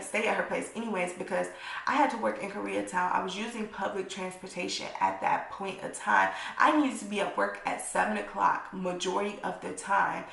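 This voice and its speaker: A woman's voice: medium pitch, vocal fry, a bit bright. A young adult woman vlogger telling a blunt, profane storytime and acting out the people in it. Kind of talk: storytime vlog. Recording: echoey room.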